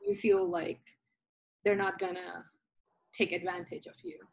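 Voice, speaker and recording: A woman's voice: lowish voice, unhurried, rough recording. A woman who works with clients on relationships, chatting casually and saying "like" a lot. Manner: relaxed, lots of "like" fillers. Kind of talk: casual podcast chat.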